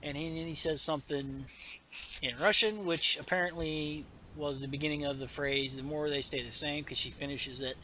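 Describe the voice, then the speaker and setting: A man's voice: a little high, fairly even intonation, normal speed, bright, forceful tone, slight background noise. A man casually recapping a comic issue, reading the dialogue aloud with lots of fillers. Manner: rambling, reads dialogue in a plain voice with fillers. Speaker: comic book podcast host.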